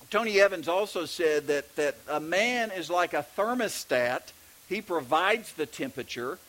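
High-voiced Texan pastor preaching. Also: male voice, fairly bright tone, low-quality recording. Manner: conversational preaching with frequent restarts. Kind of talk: sermon.

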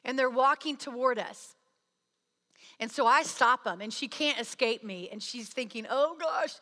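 A woman delivers a sermon, moving through a personal story and acting out the voices of those she quotes. Her voice sits high and bright. A long reverb trails each phrase, as in a large hall. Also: normal speed. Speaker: speaker.

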